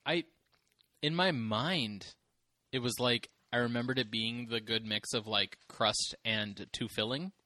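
A man's voice: mid-range voice, unhurried, bright, forceful tone, no room sound. A man co-hosting a casual podcast, joking bluntly with friends. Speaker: podcast co-host. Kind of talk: casual chat.

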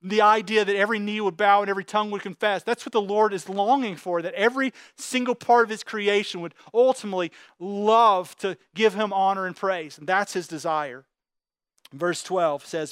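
A man with a high voice preaches a sermon in an animated, urgent way, often climbing in pitch as he voices the Lord's words. The sound is close and dry. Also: normal speed, clear, resonant tone, no echo. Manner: animated preaching, voicing God's words with rising intensity. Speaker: pastor.

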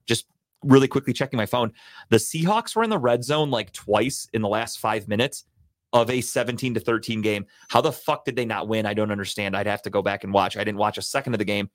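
A man's voice: lowish voice, a little fast, dry recording, clean studio sound. Casual man recapping football scores. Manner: profane, rambling. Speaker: podcast co-host. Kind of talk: casual sports chat.

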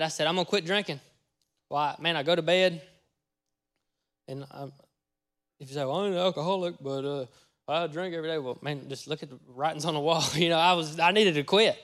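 A man preaching a testimony sermon, telling his story in a folksy way and acting out his own words with sudden loud bursts. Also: on the high side. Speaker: pastor.

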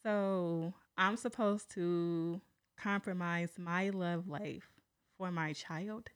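A woman's voice: fairly low pitch, steady tone, slow, clear, resonant tone, no room sound, clean studio sound. A young woman co-hosting a podcast, speaking frankly and outspokenly. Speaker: podcast co-host. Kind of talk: casual podcast chat.

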